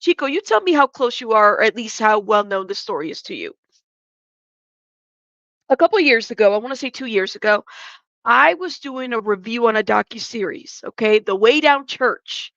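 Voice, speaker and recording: A woman hosting a live stream, chatting casually and warmly greeting viewers one by one by name. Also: a little high, expressive, normal speed, no echo, muffled recording.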